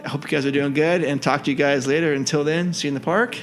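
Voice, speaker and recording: A man's voice: fairly high pitch, fairly even intonation, fast talker, soft background music. A man hosting a podcast in casual chat, easygoing and hesitant, with frequent fillers. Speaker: podcast host.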